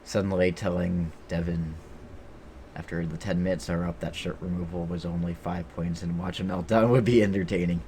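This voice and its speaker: A man's voice: low voice, fairly even intonation, moderate pace, mellow, a little hiss or hum. A man chatting casually with his live-stream viewers while playing a game, rambling and joking with the chat.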